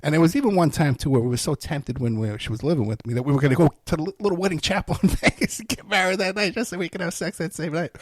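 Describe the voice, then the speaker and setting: A man's voice: fairly high pitch, rapid-fire, hardly any pauses, dry recording. A man telling personal stories in a rambling, casual way, laughing between lines and using many fillers. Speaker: storyteller. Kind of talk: casual storytelling.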